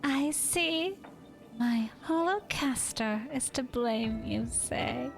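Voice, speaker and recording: A woman voicing a prim, haughty young lady with a slow, posh, icy way of speaking. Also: high-pitched, expressive, creaky, over music, full character voice. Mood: cold suspicion.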